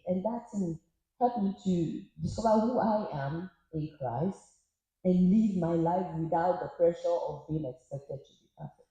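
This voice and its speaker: A woman speaks earnestly and thoughtfully about growing up. Her tone is mellow and dark. The very echoey conference hall lingers behind each phrase. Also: on the low side, measured pace. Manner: earnest and reflective. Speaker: panel guest. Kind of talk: personal testimony on a panel. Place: conference hall at a media summit.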